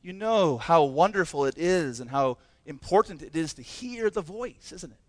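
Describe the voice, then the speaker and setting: A man's voice: on the high side, animated, normal speed, no room sound. A man preaching a sermon as pastor, impassioned and emphatic, with many rhetorical questions.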